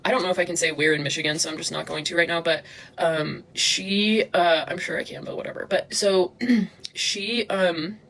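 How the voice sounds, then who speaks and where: A young woman livestreaming, talking fast and agitated, swearing and replying to chat comments. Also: on the low side, fairly bright tone. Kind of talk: livestream rant.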